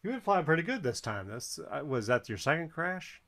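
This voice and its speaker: A man's voice: on the high side, big pitch swings, moderate pace, fairly bright tone. Man cheering on a player, counting scores. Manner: encouraging, counts scores aloud. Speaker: co-commentator watching a flight game. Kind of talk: casual play-by-play commentary.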